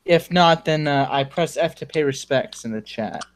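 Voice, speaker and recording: A man's voice: on the high side, normal speed. A man in a casual group voice chat, mocking and laughing, swearing heavily.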